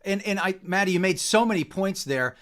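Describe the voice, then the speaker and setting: A man's voice: high voice, lively intonation, a little fast, a bit bright. A man hosting a podcast about coaching, summing up his guest's points in casual talk. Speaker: podcast host.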